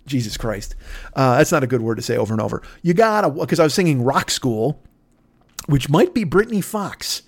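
A man hosting a podcast, riffing through a rambling comedy bit with excitable, profane, absurd tangents. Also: on the high side, a little fast. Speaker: podcast host.

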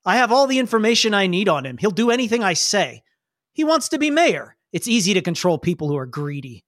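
A man's voice: high-pitched, big pitch swings, fairly bright tone, no echo, clean studio sound. A man doing a smug young villain. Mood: smug taunting. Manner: sneering, taunting, slow and smug. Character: smug young male villain, mocking and cold. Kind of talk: game master voicing a character.

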